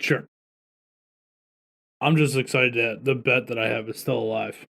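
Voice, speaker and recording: A man's voice: medium pitch, fairly even intonation, unhurried, vocal fry, fairly bright tone. A man co-hosting a podcast, chatting in a laid-back, offhand way. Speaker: podcast co-host. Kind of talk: casual chat.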